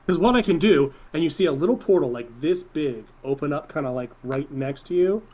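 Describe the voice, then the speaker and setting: A man's voice: a little high, expressive, brisk, warm tone. A man playing a tabletop game, talking hesitantly with stammering restarts, on a muffled lo-fi recording. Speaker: player. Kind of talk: casual tabletop game play. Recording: muffled lo-fi audio.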